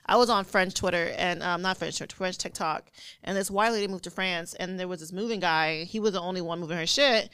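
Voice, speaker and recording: A woman's voice: fairly low pitch, fairly quick, fairly bright tone, clear, resonant tone, no room sound. Blunt young woman co-hosting a podcast. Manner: blunt, laughing, swears freely. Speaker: podcast co-host. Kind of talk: casual chat.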